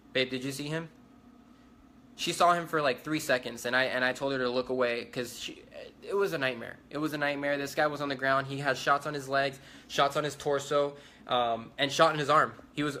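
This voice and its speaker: Young man with a bright, forceful voice. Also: mid-range voice. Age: young adult. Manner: rambling, repetitive, urgent retelling. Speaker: eyewitness. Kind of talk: casual livestream account. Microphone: phone livestream.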